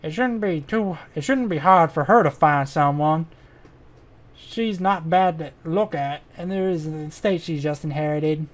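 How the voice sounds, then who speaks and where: A man's voice: on the high side, unhurried, close to an everyday voice. A man doing a smug rakish adventurer. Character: boastful rakish male adventurer, middle-aged, flirtatious.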